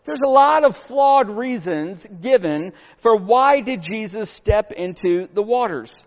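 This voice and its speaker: A man with a high voice preaches a sermon, earnest and emphatic, pressing his points with rhetorical questions. His voice rings with a long reverb in a church hall, and the recording sounds dull and lo-fi. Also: expressive, slow. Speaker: pastor.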